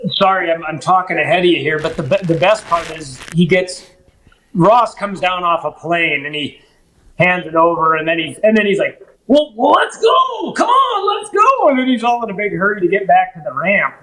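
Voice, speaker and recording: Male fishing guide, high-pitched, animated storyteller, faint noise behind. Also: a little fast, rough recording. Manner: animated, many restarts. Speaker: podcast guest, fishing guide. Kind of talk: casual storytelling chat.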